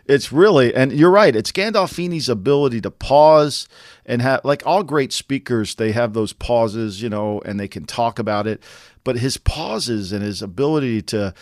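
A man's voice: medium pitch, animated, moderate pace, dry recording. A man with a mid-range voice chatting loosely with his co-host. He rambles, restarts his sentences and swears now and then. The sound is dry and close-miked. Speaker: podcast co-host. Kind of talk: casual sports chat.

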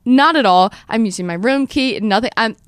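Rushing through a story, a young female podcast host acts out every quote with fast, animated energy. Her fairly high voice is smooth and resonant, recorded close and dry with no room sound.

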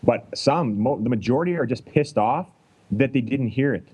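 A man's voice: medium pitch, normal speed, husky, rough recording. A middle-aged man from Canada, a chiropractor guest chatting casually and acting out quoted lines as he tells stories. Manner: animated storyteller who acts out quoted lines. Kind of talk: casual podcast chat.

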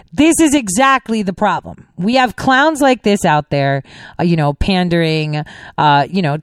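A woman hosting a talk show, talking casually and animatedly, her pitch swooping up when she gets worked up. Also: no echo.

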